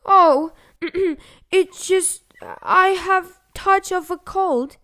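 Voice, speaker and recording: A woman voicing a hungry male wolf disguised as a grandmother, with a croaking, theatrical storybook voice. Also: very high-pitched, voice pushed up, exaggerated voice. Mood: fake sweet. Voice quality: croaking, squawking. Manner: loud, drawn-out, theatrical. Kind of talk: storybook reading.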